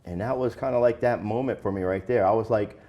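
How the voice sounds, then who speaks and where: A man with a lowish voice talks fast as an interview guest, telling his own story in a candid, plain-spoken, conversational way with some slang. The audio is dull.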